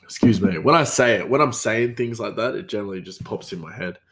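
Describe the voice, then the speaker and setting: A man hosting a podcast, with a fairly low voice. He rambles through his stories with lots of restarts and "you know"s, in a loose, casual way. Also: brisk, fairly bright tone. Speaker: podcast host. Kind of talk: casual storytelling monologue.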